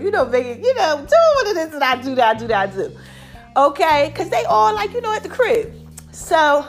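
A middle-aged woman talks to her followers in a chatty, animated vlog, her pitch sitting high and bouncing widely. Allergies leave her voice a touch deeper and rougher than usual. Soft music plays faintly behind her. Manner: animated, chatty, repeats catchphrases, laughs often. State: voice a bit deep from allergies. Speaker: online personality talking to followers. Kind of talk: casual motivational vlog chat.

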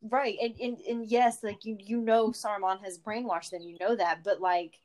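A woman's voice: medium pitch, fairly even intonation, moderate pace, a little mellow. A woman host who reads a story aloud and then chats about it, thoughtful and full of little restarts. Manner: chatty, many fillers and restarts, thoughtful. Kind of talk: reading fan fiction aloud and casual chat.

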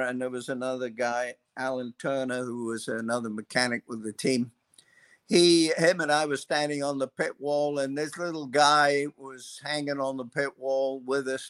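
An older man, a guest, telling long anecdotes in an unhurried, loose way, full of pauses and fillers. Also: medium pitch, clean tone, dry recording. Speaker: guest, former racing mechanic. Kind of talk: anecdotal storytelling.

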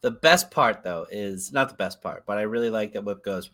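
A man's voice: lowish voice, normal speed, fairly bright tone. A man co-hosting a podcast, chatting casually and with enthusiasm about a TV episode, jumping in with his favorite moments. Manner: enthusiastic, jumps in with favorite bits. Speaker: podcast co-host. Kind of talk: casual chat recapping a TV episode.

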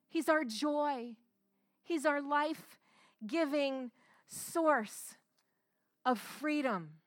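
High, bright-voiced woman preaching with passion. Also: no room sound, clean studio sound. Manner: impassioned, swinging between loud emphatic peaks and soft hushed lines. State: tearful. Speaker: pastor. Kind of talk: sermon.

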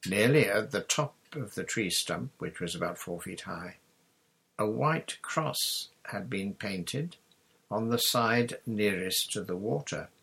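A man's voice: fairly low pitch, animated, takes it slowly, vocal fry, a bit bright, husky. A man reading a children's adventure story aloud as an audiobook narrator, telling it steadily. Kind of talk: scripted narration.

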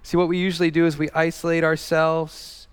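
A man's voice: on the high side, monotone, a little fast, clear, resonant tone. A man in his thirties preaching a sermon in an earnest, conversational way, full of casual fillers and restarts. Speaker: pastor. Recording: reverberant hall.

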